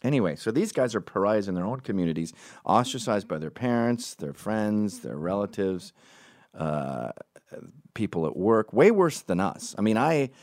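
Rambling, profane man with a low, lively voice. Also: moderate pace, dry recording, clean studio sound. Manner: rambling, profane, goes off on tangents; lively, acts out quoted voices. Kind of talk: casual monologue storytelling.

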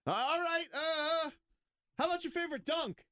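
A man voicing a pushy male talk-show moderator who cuts in with abrupt, shouty topic changes in a raised, high voice. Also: normal speed.

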